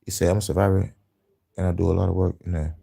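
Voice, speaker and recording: A man's voice: low-pitched, little pitch movement, fast talker, vocal fry, dark tone, breathy edge. A man hosting a casual news-commentary livestream, profane and heated, laughing often between angry riffs.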